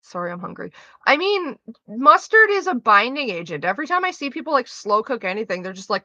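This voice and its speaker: A young woman chats loosely with her stream, her voice bright and pitched a little high, hopping between thoughts and cursing casually. The mic is dry and close, with a slightly dull, lo-fi sound. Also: big pitch swings, fairly quick, no room sound. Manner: rambling, swears freely, trails off mid-sentence. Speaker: livestreamer reading chat. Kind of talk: casual chat with a live audience.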